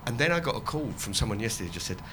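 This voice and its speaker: A man's voice: fairly low pitch, animated, rapid-fire, noisy background. A man chatting as an interview guest, rambling and laughing, swearing freely and dropping his voice to quote others. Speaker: comedian and activist guest. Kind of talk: casual chat.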